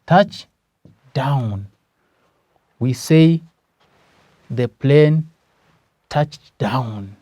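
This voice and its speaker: Kenyan English male teacher, slow and deliberate, dry close sound. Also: medium pitch, animated, dark tone, no echo. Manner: slow, emphatic, asks questions then answers them. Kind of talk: classroom grammar lesson.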